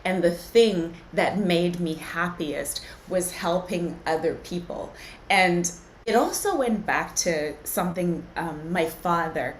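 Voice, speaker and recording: A low-pitched woman from Zimbabwe speaks as an interview guest, unhurried, earnest and reflective as she tells her own story. Her voice rings in an echoey room. A faint hiss sits underneath. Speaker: podcast guest, entrepreneur. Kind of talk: casual interview conversation.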